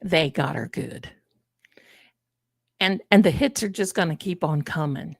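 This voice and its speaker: A woman's voice: sits low, a little slow, vocal fry, no room sound, clean studio sound. Chatty woman hosting a live stream. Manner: chatty, animated, addresses viewers as "my loves". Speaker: livestream host. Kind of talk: casual live-stream chat.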